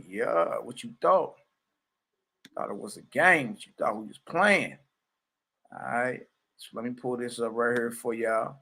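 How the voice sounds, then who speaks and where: Bright-voiced, emphatic man teaching history. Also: medium pitch, moderate pace. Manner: emphatic, streetwise, repetitive. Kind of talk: informal religious history lesson.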